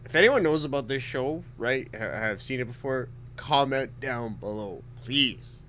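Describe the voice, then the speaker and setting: Male reaction host, casual and rambling, bright tone. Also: medium pitch, lively intonation, unhurried, a little hiss or hum. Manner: chatty, full of fillers, asks viewers to comment.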